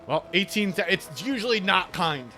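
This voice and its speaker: A man's voice: high-pitched, lively intonation, normal speed, bright, forceful tone, faint music behind. A man chatting casually while speedrunning a game, laid-back, laughing often and swearing freely. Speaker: speedrunning streamer. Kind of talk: casual chat while gaming.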